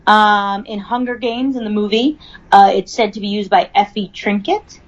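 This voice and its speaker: A woman's voice: medium pitch, normal speed. A young woman hosting a podcast in casual chat, talking with lots of ums and likes. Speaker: podcast host. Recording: slightly dull, lo-fi audio.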